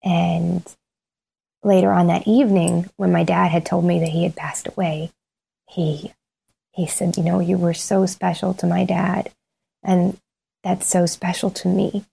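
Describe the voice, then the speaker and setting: A woman's voice: fairly low pitch, level tone, unhurried, creaky, dark tone, slightly rough. A woman co-hosting a podcast in casual conversation, talking in a heartfelt, rambling way with fillers and restarts. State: tearful, crying at times. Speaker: podcast co-host.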